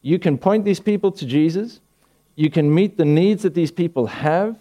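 A man's voice: fairly high pitch, moderate pace, warm tone. A pastor preaching a conversational sermon to his church, with frequent restarts and rhetorical questions. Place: church hall.

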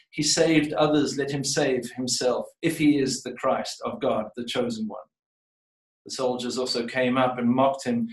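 A man delivers a scripture reading and sermon in a reflective, circling manner, restarting and repeating words as he works toward each point. His voice sits at a middle pitch. It carries from some distance across an echoing church sanctuary. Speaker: preacher. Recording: echoey room, voice from a distance.

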